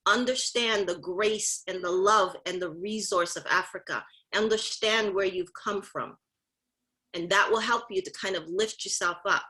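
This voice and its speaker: A woman's voice: mid-range voice, pushed and bright, low-quality recording. A woman giving a motivational talk to a mentorship group, emphatic and direct, often repeating phrases and calling out to her listeners. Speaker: mentorship session speaker.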